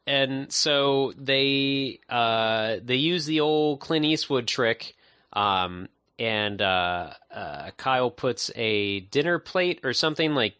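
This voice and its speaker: Bright-voiced, easygoing podcast co-host man. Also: medium pitch, slow, clear, resonant tone, no echo, studio quality. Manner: relaxed recapping with many fillers. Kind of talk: casual movie chat.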